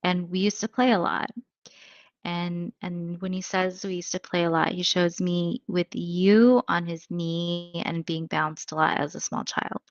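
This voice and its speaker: A woman's voice: lowish voice, steady tone, unhurried, dry recording, highs cut off. A woman psychic medium giving a live reading in a chatty, thinking-aloud way, full of fillers.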